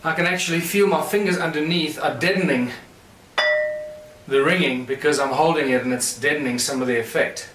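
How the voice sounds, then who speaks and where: A man delivers a conference lecture a little fast in a fairly high voice, explaining and pointing things out to the audience while demonstrating. Heavy background noise and an echoey room mark the recording.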